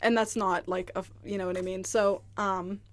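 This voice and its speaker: A woman's voice: mid-range voice, flat delivery, normal speed. Candid rambling woman vlogger. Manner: candid, rambling, heavy use of "like". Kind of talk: casual storytime chat. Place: indoors, seated at home.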